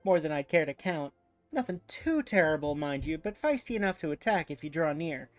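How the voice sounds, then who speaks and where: A man reading a brisk, chatty game character who gives directions and friendly warnings. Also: a little high, big pitch swings, soft background music.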